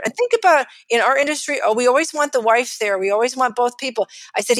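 A middle-aged financial advisor with a Texan accent, telling stories lively in an interview and acting out the people she quotes. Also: a little high, quick pace, no echo. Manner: animated, acts out quotes of others. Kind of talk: storytelling in a podcast interview.

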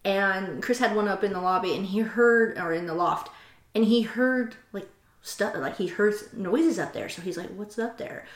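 In a chatty podcast conversation, this female co-host spins stories full of laughs and quoted asides. She speaks in a mid-range voice at a moderate pace, with a roomy echo around her.

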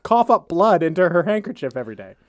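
Sarcastic man with a lively voice. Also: high-pitched, fast, no room sound. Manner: sarcastic, wisecracking reactions. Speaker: podcast co-host. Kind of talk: casual comedic chat.

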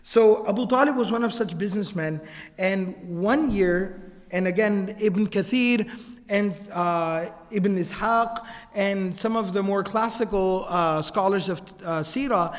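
A man's voice: high-pitched, measured pace. A man telling a religious story as a lecture, acting out the quoted speech and dropping in Arabic phrases. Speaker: Islamic lecturer. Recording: long hall reverb.

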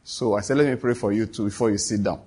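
A middle-aged man, preaching a sermon to a congregation and leading call-and-response, animated and quick to laugh. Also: fairly low pitch, breathy edge. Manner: animated, laughs often, shifts to quoted voices. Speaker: pastor. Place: church hall before a congregation.

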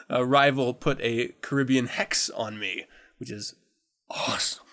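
A man's voice: mid-range voice, fairly even intonation, a little slow, fairly bright tone. A man hosting a podcast in a casual chat, laughing often, swearing freely and rambling through restarts. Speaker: podcast host.

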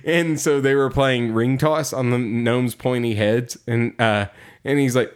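A man's voice: mid-range voice, fairly even intonation, unhurried, clean tone. A man co-hosting a podcast, recapping a story in casual chat, rambling with many fillers, laughing and acting out quotes. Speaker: podcast co-host.

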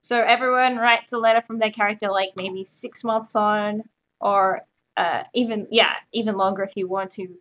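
A woman facilitating a tabletop role-playing game, explaining its rules in a relaxed manner with hedging fillers. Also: medium pitch, moderate pace, muffled recording.

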